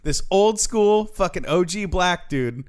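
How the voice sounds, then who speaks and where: A man's voice: high voice, a little slow, smooth. A man co-hosting a podcast, telling stories in casual chat and swearing a lot. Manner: animated storytelling, heavy swearing. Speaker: podcast co-host.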